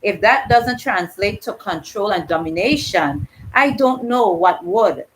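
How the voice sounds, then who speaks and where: A woman reads as a Crucian woman shaken by grief, her Crucian accent plain. She speaks in an earnest, unhurried way. The lines come at a slow, measured pace. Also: medium pitch, lively intonation, slight background noise, lightly acted, poor audio. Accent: Virgin Islands Crucian. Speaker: reader voicing a dialogue character. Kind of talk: dramatic reading of a dialogue.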